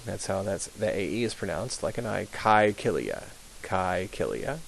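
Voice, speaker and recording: A fairly low-voiced young man runs a classroom pronunciation lesson. He repeats each word slowly and patiently, filling pauses with ums. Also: a little hiss or hum, low-quality recording. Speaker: Latin teacher. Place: high school classroom.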